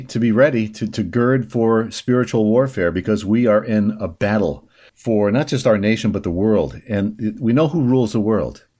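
Male talk host, mid-pitch, reads the news and jumps in with sarcastic, indignant asides. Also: a little mellow. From upstate New York. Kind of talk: opinionated news commentary.

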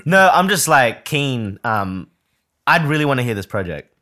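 Bright, animated man full of slang. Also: mid-range voice, normal speed. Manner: enthusiastic, slangy. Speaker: podcast co-host. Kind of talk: casual podcast chat.

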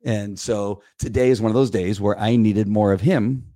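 Low-voiced rambling man. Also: normal speed, no room sound, studio quality. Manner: rambling, many restarts and repeated words; animated when quoting others. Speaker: podcast co-host. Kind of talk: casual chat.

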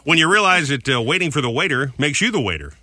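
Fast-talking wry radio man. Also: fairly high pitch, sing-song, bright, forceful tone, no room sound. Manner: wry, joking delivery of odd facts. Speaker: morning radio co-host. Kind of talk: casual morning radio banter.

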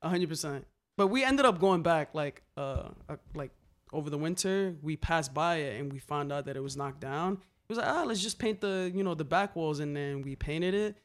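A young man telling graffiti stories in casual chat, animated and slangy, swearing freely. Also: fairly high pitch, moderate pace. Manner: animated, slangy, swears a lot, repeats "a hundred percent".

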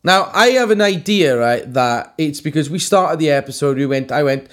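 A man's voice: fairly high pitch, lively intonation, moderate pace, fairly bright tone. Blunt, sweary Welsh man co-hosting. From Wales. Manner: blunt and sweary, talks over his co-host. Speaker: co-host. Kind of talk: casual chat.

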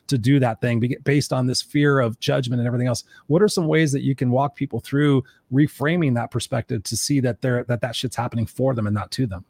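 A man's voice: mid-range voice, a little fast, a little mellow, no echo. A man hosting a live show, reading viewer comments and asking his co-host questions in a casual, conversational way.

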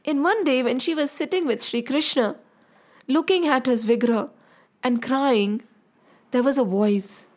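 A woman narrating a children's story in an expressive, slow and deliberate way, singing out the sound effects. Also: high-pitched.

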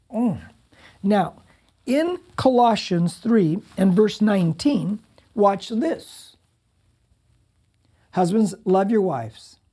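Mellow husky-voiced male pastor preaching. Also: high voice. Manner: conversational, addresses the congregation directly. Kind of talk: sermon.

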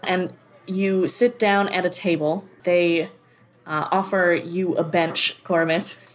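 A woman narrating a tabletop game as game master, relaxed and often laughing. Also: fairly low pitch, slow. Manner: relaxed, giggly, many fillers.

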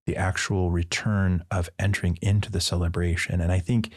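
Man, priest, very low voice, casual storytelling, playful, acts out dialogue. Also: little pitch movement, normal speed, a little mellow. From Midwestern United States. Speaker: priest guest.

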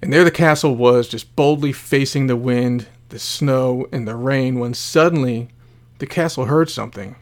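A man narrating a parable in an earnest, slow storytelling manner with dramatic pauses, then giving motivational advice. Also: mid-range voice.

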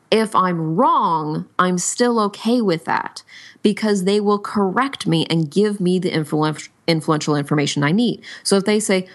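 A woman coach answering interview questions, explaining with lively acted-out example quotes. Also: on the low side. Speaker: guest, sales coach.

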